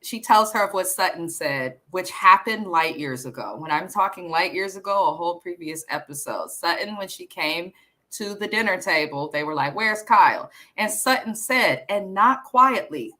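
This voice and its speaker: A woman's voice: medium pitch, moderate pace, bright, forceful tone. A woman hosting a casual show recap, talking bluntly and gossiping with frequent swearing. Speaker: podcast host.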